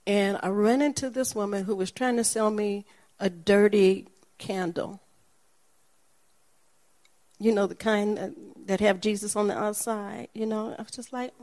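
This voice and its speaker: A woman's voice: medium pitch, a little slow, pauses often. A middle-aged woman preaching, telling a personal testimony and acting out the people in it. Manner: animated storytelling, acts out the people in her story.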